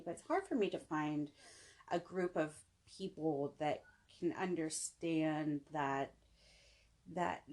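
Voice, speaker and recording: A woman's voice: deep voice, darkish tone. A young adult woman, a podcast guest, talking in a rambling, casual way full of restarts and "you know". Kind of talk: casual chat.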